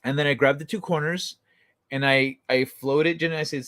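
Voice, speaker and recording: A man's voice: on the high side, fairly even intonation, fairly quick, fairly bright tone, no echo, studio quality. Rambling, foul-mouthed man on a livestream. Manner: rambling, profane, full of restarts. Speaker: livestream talk show host. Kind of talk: casual chat.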